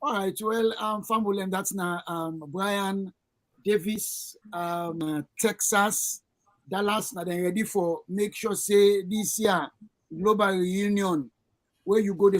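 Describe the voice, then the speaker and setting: Hesitant Krio-accented radio host. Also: medium pitch. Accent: Sierra Leonean Krio. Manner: halting questions with frequent hesitations. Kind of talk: radio interview.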